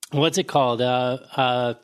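A man's voice: medium pitch, creaky, smooth. A man chatting casually about a movie, swearing and laughing as he talks. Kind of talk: casual movie review chat.

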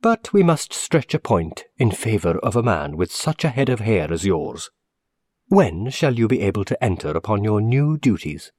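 A man's voice: fairly low pitch, very animated, moderate pace, darkish tone, slightly rough, no room sound, studio quality. A man voicing a fussy, eager middle-aged male manager who speaks earnestly and formally.

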